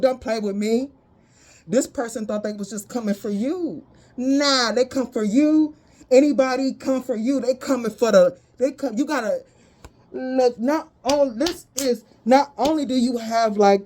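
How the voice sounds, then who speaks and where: A woman's voice: a little high, mellow. A woman giving a casual spoken tarot reading, talking bluntly and animatedly, with frequent swearing. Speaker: tarot reader.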